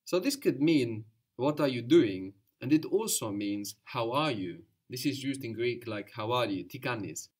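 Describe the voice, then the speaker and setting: A man's voice: mid-range voice, lively intonation, normal speed, hardly any pauses, darkish tone. A man teaching a language lesson, explaining patiently step by step and prompting his student to answer.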